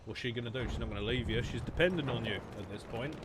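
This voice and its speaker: A man's voice: medium pitch, fast talker, background noise. A young man hosting a gaming channel, rambling through joking, sarcastic commentary and laughing often. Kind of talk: casual gameplay commentary. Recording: clear game gunfire behind voice.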